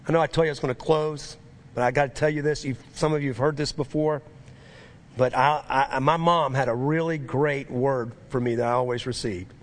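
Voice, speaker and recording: A middle-aged man preaching a sermon, telling a travel story with quoted voices and building to fervent, lively preaching. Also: fairly high pitch. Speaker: pastor.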